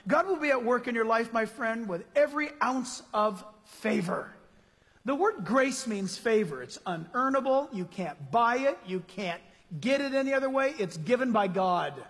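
A man preaches a lively sermon, firing off rhetorical questions at his congregation. His voice sits very high and has a husky edge. The sound rings with the long reverb of a large church hall. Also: moderate pace. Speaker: pastor.

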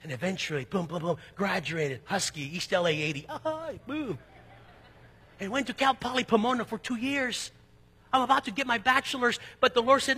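A high, husky-voiced preacher man. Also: big-room sound. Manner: swings between quiet, low passages and loud, emphatic outbursts; slows down to read scripture aloud. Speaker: pastor. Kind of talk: sermon.

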